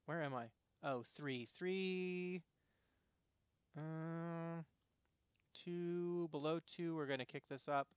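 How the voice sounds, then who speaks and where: A man from Arizona, chatting casually and musing out loud while playing a game on stream. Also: on the high side, takes it slowly, long pauses, smooth, no room sound. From Arizona, USA. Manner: rambling, musing, self-interrupting. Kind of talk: casual gameplay commentary.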